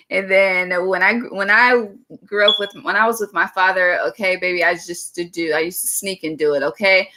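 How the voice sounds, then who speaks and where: A woman's voice: lowish voice, steady tone, normal speed, background noise. A woman giving a chatty, frank tarot reading, calling listeners "baby" and tagging nearly every line with "okay". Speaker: tarot reader. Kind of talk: casual tarot reading monologue.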